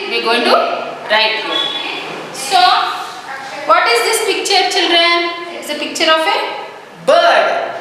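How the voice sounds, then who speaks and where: Woman teacher, slow and repetitive, bright voice, long room echo. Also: very high-pitched, a little hiss or hum. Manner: slow, repeats questions to children. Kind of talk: online lesson for young children. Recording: echoey room audio from a distance.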